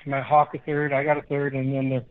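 An older man from Chicago, a guest musician, telling rambling, animated anecdotes in a casual interview. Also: medium pitch, brisk. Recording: tinny phone-like line.

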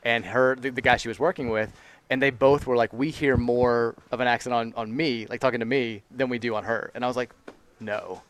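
Quick, rambling man with a slight Kentucky twang. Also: medium pitch, fairly even intonation. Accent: Kentucky, slight Southern. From Louisville, Kentucky. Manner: rambling, heavy "like" filler, chatty. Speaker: co-host. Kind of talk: casual chat.

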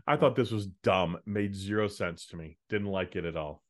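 A man's voice: lowish voice, moderate pace. A man co-hosting a podcast, chatting casually and giving jokey, opinionated takes. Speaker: podcast co-host.

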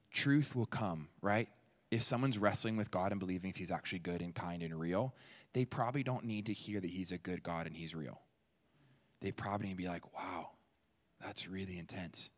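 A man preaching a sermon in a church, talking in a conversational, energetic way and acting out quoted people. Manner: conversational and energetic, jumps into playful high-pitched voices for quoted people. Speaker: pastor.

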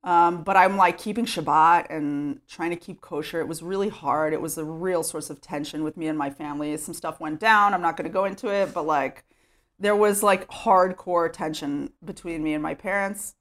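A woman from Texas with a somewhat low voice talks through her life story in a relaxed interview. She is recorded at home and leans on "like" as she goes. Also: moderate pace. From Sherman, Texas, US. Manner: chatty, with many "like" fillers. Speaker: interview guest.

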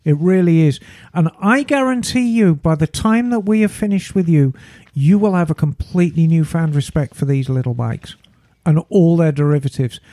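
A man's voice: fairly high pitch, moderate pace, few pauses, warm tone, no echo. A man hosting a casual motorcycle podcast, with a theatrical, playful way of talking. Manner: theatrical, playful, calls co-hosts darling. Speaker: podcast host.

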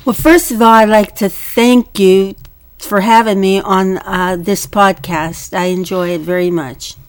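A prim, timid older mother, put on by a man in a higher voice, thanks her host softly and politely. The sound is dry and close, with no room around it. She is a guest on a comedy podcast. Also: steady tone, a little slow, clean tone, no echo.

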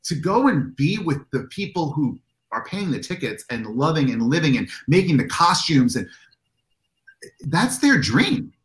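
A man's voice: fairly high pitch, a little slow, echoey room, rough recording. A man being interviewed as a convention organizer, telling enthusiastic anecdotes and acting out the dialogue. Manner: animated, enthusiastic storyteller who acts out dialogue.

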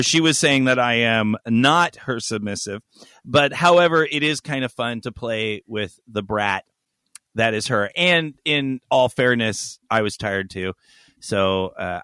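Male podcast co-host, bright ringing voice, rambling storyteller who jokes around and laughs a lot. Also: medium pitch, no echo. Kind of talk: casual chat.

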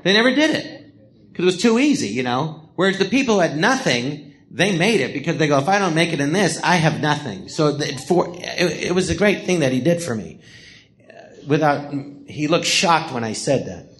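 Animated, laughing male storyteller. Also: a little high, a little fast. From Los Angeles area. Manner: animated, laughing storyteller who acts out quotes. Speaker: podcast host telling stories. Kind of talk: casual storytelling interview. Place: small live theater.

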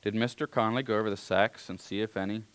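A man's voice: on the low side, steady tone, fast talker, fairly bright tone, clear, resonant tone, natural voice, rough recording. A man voicing a stern country mother. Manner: firm and reproachful. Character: stern, firm rural mother scolding her son.

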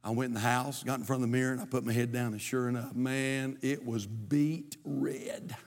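A man's voice: mid-range voice, little pitch movement, fast talker. A middle-aged man, preaching a sermon as pastor, moving from folksy storytelling to emphatic preaching. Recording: long hall reverb.

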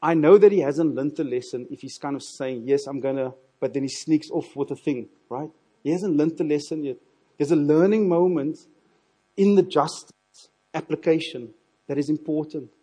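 A male preacher from delivers an earnest sermon. His voice is husky and dark, sitting a little high for a man. He often repeats words as he builds toward a point. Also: moderate pace. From South Africa.

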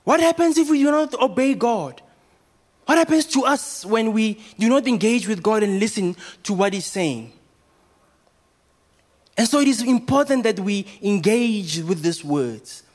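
A man, a pastor, preaching a sermon and asking the congregation rhetorical questions. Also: high voice.

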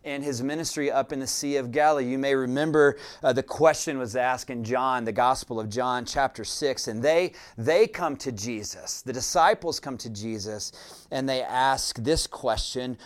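A man preaching a sermon as pastor, speaking in a deliberate, reflective way with frequent "uh" fillers. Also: mid-range voice.

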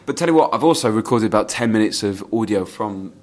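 A man's voice: expressive, fast talker, a little mellow. A man co-hosting a casual fan podcast, rambling through stories with many restarts and reading out quotes. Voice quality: says he has quite a high-pitched voice. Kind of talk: casual chat.

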